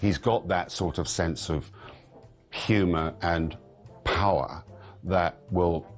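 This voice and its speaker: A man in a documentary interview, pausing to search for words as he gives praise. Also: deep voice, fairly even intonation, faint music behind. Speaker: documentary commentator.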